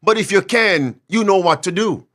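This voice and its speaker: A man preaching a sermon with emphasis, repeating phrases and swinging between loud declarations and quiet asides. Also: high-pitched, animated, moderate pace.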